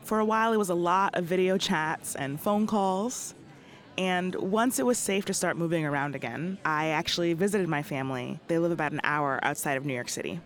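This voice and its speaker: A woman's voice: on the low side, a little fast, a faint crowd. Woman hosting a story podcast. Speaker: podcast host. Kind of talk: scripted narration.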